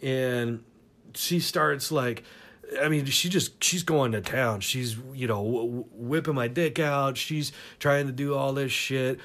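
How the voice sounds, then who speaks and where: A man spins a crude personal anecdote in an easy, casual way. He rambles, swears freely and chuckles at his own story. His voice sits at an ordinary middle pitch. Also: takes it slowly, fairly bright tone. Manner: rambling, profane, laughs through his stories.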